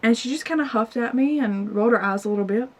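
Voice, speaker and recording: A woman's voice: on the high side, fast talker. Chatty young woman vlogging to camera. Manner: emotional, tearful confiding. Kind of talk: casual vlog talk to camera. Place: store aisle, indoors. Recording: faint background music.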